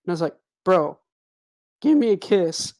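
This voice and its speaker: A man's voice: high voice, big pitch swings, moderate pace, darkish tone. A young man telling a long, profane story in a casual voice chat with friends, laughing as he goes.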